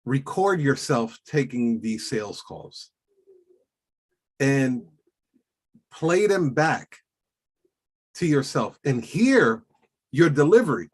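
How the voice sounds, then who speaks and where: A man hosting a casual coaching chat, speaking in a slow, deliberate and emphatic way. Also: medium pitch, big pitch swings, husky. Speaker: podcast host coaching notaries.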